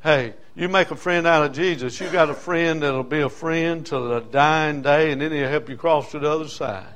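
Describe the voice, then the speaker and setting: An older preacher, a man with a fairly high voice, delivers his sermon with fervor. He drives his points home through rhythmic repetition and breaks into folksy asides along the way. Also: moderate pace, fairly bright tone.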